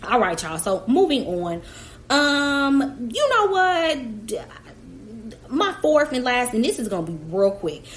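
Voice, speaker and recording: A woman's voice: a little high, lively intonation, a little slow, a little hiss or hum. A young adult woman hosting a reaction channel, chatting casually and emphatically to her viewers and speaking straight to the person she reacts to. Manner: chatty, emphatic, talks directly to the absent subject.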